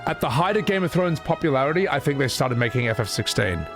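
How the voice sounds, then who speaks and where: Man, streamer, animated pitch swings, rambling, swears a lot, faint game music behind. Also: fast. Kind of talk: casual gameplay commentary.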